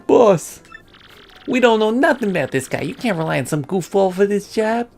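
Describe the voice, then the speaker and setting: A woman's voice: mid-range voice, very animated, normal speed, creaky, darkish tone, soft background music, voice pushed up. Woman doing a dim fawning henchman. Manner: eager, fawning gangster slang. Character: dim, loyal male gangster henchman.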